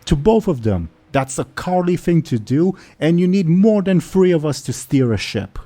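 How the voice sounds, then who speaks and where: A man's voice: a little high, animated, normal speed, dark tone, pitched above the performer's own voice. A man voicing a stern old male orc first officer in a tabletop game. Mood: reproachful.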